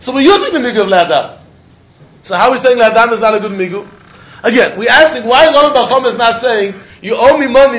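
High-voiced man giving a lively Talmud lecture. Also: rough recording. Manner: animated, sing-song reasoning with quick laughs. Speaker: Talmud teacher.

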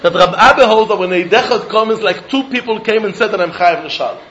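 A man teaching a Talmud lesson in an animated, sing-song study cadence, often laughing as he argues. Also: high voice, brisk, lo-fi sound, slight background noise.

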